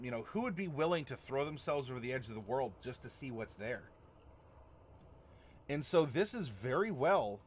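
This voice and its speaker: A man's voice: medium pitch, a little hiss or hum. Rambling man hosting a live stream. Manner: rambling, chuckling, reacts to chat. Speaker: stream host. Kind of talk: casual live-stream chat.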